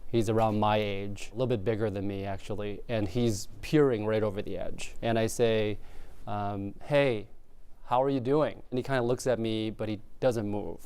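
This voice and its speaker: A man's voice: lowish voice, steady tone, normal speed, darkish tone, clear, resonant tone. A young adult man from Vietnam, earnest and reflective, recounting what happened to him in an interview. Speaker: interviewee, local prosecutor. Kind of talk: emotional first-person recounting.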